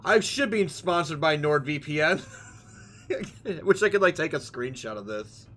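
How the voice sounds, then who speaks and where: A man's voice: fairly high pitch, expressive, slow, fairly bright tone. A young man streaming a video game, rambling and joking playfully as he plays. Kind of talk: casual let's-play commentary.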